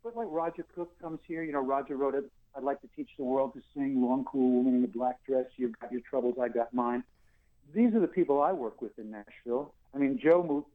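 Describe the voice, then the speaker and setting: A singer-songwriter in his sixties from New York, telling animated stories and acting out dialogue as an interview guest. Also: mid-range voice. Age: 60s. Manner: animated storyteller who acts out dialogue and laughs. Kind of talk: phone interview. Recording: tinny phone line.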